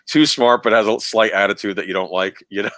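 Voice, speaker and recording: Low-voiced man chatting over a film. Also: animated, a little fast, a bit bright, no echo, studio quality. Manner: rambling, laughs often, many restarts. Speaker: podcast co-host. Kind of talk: casual film rewatch chat.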